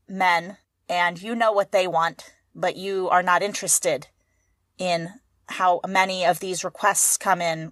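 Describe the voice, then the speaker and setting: A woman's voice: on the low side, fairly bright tone, dry recording, studio quality. A woman co-hosting a casual comedy podcast who teases her partner, laughs often and gives mock-serious explanations. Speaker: podcast co-host.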